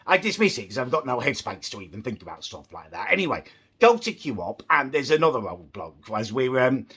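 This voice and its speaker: A young man vlogging casually. He talks quietly at first, then rants in an exasperated, sarcastic way. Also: medium pitch, big pitch swings, fairly quick, breathy edge. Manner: quiet, subdued at the start. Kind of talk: casual vlog rant.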